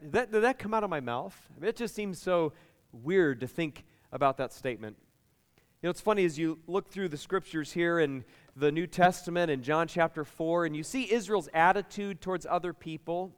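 A man preaching a sermon, a pastor telling lively stories and talking with his congregation. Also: high voice, clean tone, in a large hall. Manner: lively, chatty storytelling with the congregation.

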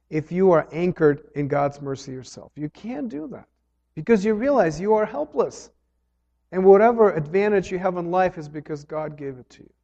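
A man preaching a sermon, earnest, rising loud on key phrases and dropping low between them. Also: gravelly. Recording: dull sound with long hall reverb.

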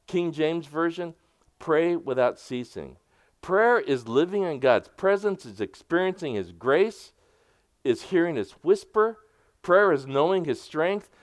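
A man preaching a sermon as pastor, moving between emphatic points and hushed, softly spoken prayers. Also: a little high, animated, unhurried, no room sound. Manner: swings from bright emphatic preaching to hushed near-whispered prayers.

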